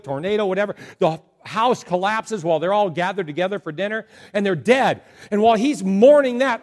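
A man preaching a sermon to a congregation, telling jokes and animated stories. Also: sits high. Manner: joking, animated storytelling to a congregation. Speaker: pastor.

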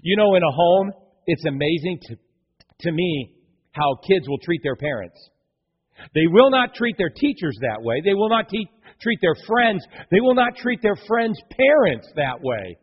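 A man's voice: high-pitched, big pitch swings, a little slow, pauses often, husky. A man preaching a sermon from the pulpit, acting out the voices of people in his stories. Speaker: pastor. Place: church sanctuary. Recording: dull lo-fi church hall reverb.

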